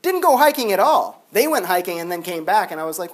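Here a man lectures on philosophy at a university, his voice sitting high as he talks fast. He keeps it casual and energetic, with "like" popping up all the time.

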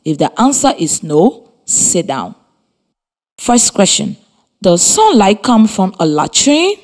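A woman with a Liberian English accent, teaching a scripted radio lesson for children and spelling words out slowly letter by letter. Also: medium pitch, very animated, a little mellow.

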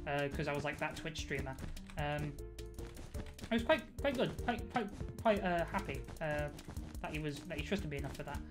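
A woman's voice: sits low, fairly quick, over music. A young woman streaming a game live, rambling and giggling through her commentary with lots of fillers. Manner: rambling, giggly, self-mocking, many fillers. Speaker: Twitch streamer.

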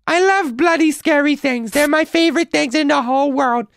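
A man putting on a squeaky, gushing voice of a giddy boy who loves scary things. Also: moderate pace, fairly bright tone. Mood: gleeful.

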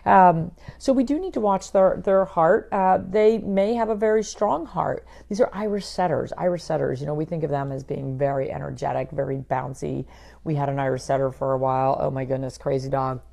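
A middle-aged woman veterinarian giving a chatty, animated talk about pets, full of quick asides. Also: deep voice, vocal fry. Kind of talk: casual educational talk.

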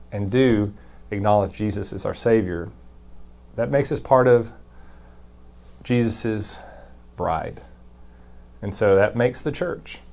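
A man, a pastor, giving a brief conversational devotion and reading Scripture aloud with emphasis. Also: lowish voice. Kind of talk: short recorded devotion.

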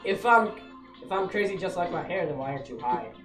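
A woman's voice: lowish voice, lively intonation, a little fast. Woman trash talking over a video game, voice jumps all over, roomy far-off sound w music behind. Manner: teasing, swearing, laughing. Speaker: gamer. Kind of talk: casual banter while playing a video game. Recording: echoey room from far off with music.

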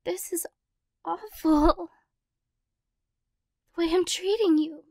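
A woman in a whispered role-play as a tearful ex-girlfriend, talking softly and rambling, flustered and emotional. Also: very high-pitched, steady tone, slow, vocal fry, no room sound, clean studio sound. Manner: soft, rambling, self-conscious and emotional. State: teary after crying. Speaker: ASMR role-play performer.

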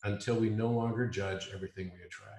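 A man's voice: fairly low pitch, fairly even intonation, fast talker, gravelly, a little mellow, echoey room. A man as an interview guest in a reflective conversation. He talks earnestly, often restarting his sentences and repeating words.

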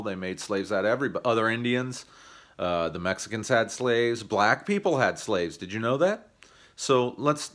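An American YouTube comedian rants profanely into the camera for his comedy channel, combative and sarcastic throughout. His voice is medium in pitch and a bit bright.

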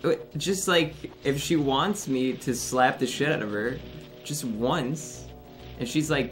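A man's voice: fairly high pitch, lively intonation, a bit bright. A young man streaming a game, rambling and swearing as he chats, laughing often. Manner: profane, rambling, quick to laugh. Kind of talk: casual livestream commentary. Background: game music.

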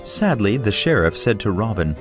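Expressive male audiobook narrator. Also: fairly low pitch, normal speed, music in the background. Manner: lively, expressive storytelling. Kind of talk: audiobook reading for English learners.

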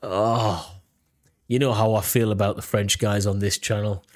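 A British man reacts casually to a video, rambling along with frequent restarts. His voice sits a bit low and sounds dry and close to the mic. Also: steady tone, a little slow, dry recording. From United Kingdom. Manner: chatty, rambling, lots of restarts and fillers.

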